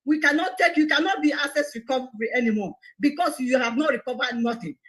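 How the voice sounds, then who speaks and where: A woman's voice: high voice, fast talker, poor audio. A woman making an impassioned, pleading appeal on a live broadcast, indignant and repeating herself.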